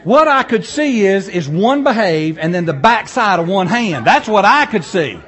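A male pastor, preaching in a folksy, animated way with storytelling asides. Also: high-pitched, moderate pace. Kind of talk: sermon.

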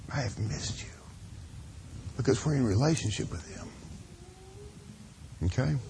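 Earnest deep-voiced man preaching. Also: darkish tone, slight background noise. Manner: earnest, confessional, calls out "Amen?" to the congregation. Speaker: pastor. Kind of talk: sermon. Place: church.

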